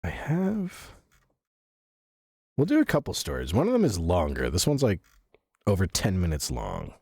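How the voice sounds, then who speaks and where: Deep-voiced man chatting with viewers. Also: wildly swooping pitch, normal speed, gravelly, a little mellow, husky, dry recording, clean studio sound. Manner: laughs often, swears casually; rambling, with fillers and self-corrections. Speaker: streamer. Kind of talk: casual chat reading viewer messages.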